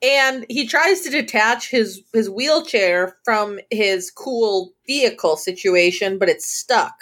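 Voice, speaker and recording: A woman's voice: mid-range voice, slow, a bit bright. A woman co-hosting a casual TV recap podcast, retelling scenes through quoted dialogue and swearing casually. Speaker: co-host.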